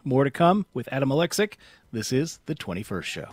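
A man's voice: mid-range voice, very animated, brisk, no echo, faint music behind. A man hosting a radio show, interviewing a guest in a polished broadcaster delivery on a studio microphone.

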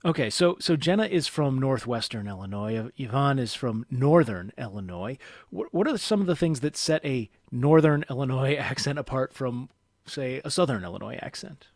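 A man hosts a radio talk show, leading the conversation with a curious, friendly tone. His voice sits at a middle pitch, heard close and dry in the studio. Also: lively intonation, normal speed, darkish tone, dry recording. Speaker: radio host.

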